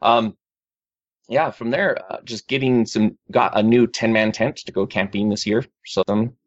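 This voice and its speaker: Speaking a little slowly with fairly even intonation, this man's lowish voice carries his rambling news to friends in a casual group chat, full of fillers and restarts. The recording is dull and lo-fi, with no room sound.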